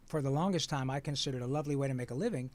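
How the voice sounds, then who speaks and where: A man in his sixties, from Michigan, telling stories with real animation and now and then slipping into playful voices. His voice sits at an ordinary pitch for a man. He sounds like a seasoned voice actor chatting as a guest. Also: rapid-fire. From Michigan, USA. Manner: lively storyteller, slips into playful character voices. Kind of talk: animated storytelling in conversation.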